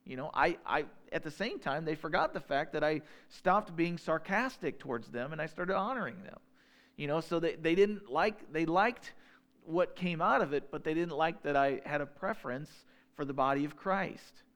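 A man preaching a sermon in a relaxed conversational way, slowing down when he reads scripture. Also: fairly high pitch. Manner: conversational, slows down to read scripture. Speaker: pastor.

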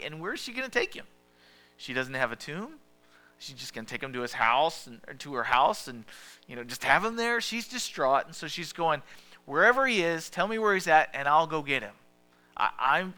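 Man, pastor, sermon, fairly high bright voice, conversational, asks questions, hushed at times.

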